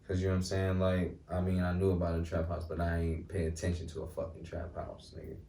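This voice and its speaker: A young man from Milwaukee, Wisconsin, guests in a casual chat, telling laid-back, slangy stories peppered with "you know what I'm saying." His voice is low, monotone, creaky and warm, and he talks fast. The recording has roomy echo, a distant mic and faint noise.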